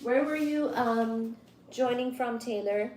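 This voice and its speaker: Indian lady chatting on her livestream, slow easy pace, answers comments one by one. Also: a little high, a little mellow, a little hiss or hum. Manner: chatty, reads viewer comments aloud and answers them. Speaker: livestream host. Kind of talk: casual livestream chat.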